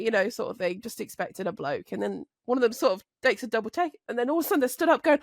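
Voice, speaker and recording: Animated British woman telling a story. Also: a little high, rapid-fire, creaky, few pauses, no echo, studio quality. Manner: animated, laughs often, acts out others' lines. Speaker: podcast co-host, truck driver. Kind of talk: casual podcast storytelling.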